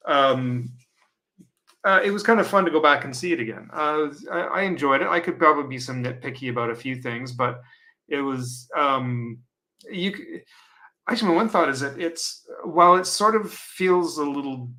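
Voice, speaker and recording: Male podcast panelist: bright tone, hesitant, halting delivery. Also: fairly high pitch. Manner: hesitant, lots of ums and restarts. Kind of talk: casual chat.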